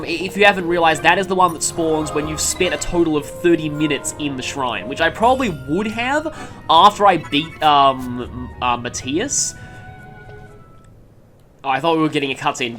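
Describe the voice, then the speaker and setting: Over faint, gentle game music, a let's play commentator chats casually about his session, wandering through thoughts, saying "um" a lot, and correcting himself mid-sentence. There's lively energy in his voice, which swings up and down in pitch.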